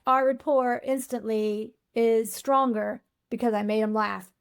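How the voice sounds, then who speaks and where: A woman's voice: fairly high pitch, fairly even intonation, measured pace, creaky, clean tone. A woman UX researcher talking as a podcast guest, candid and blunt in casual interview chat.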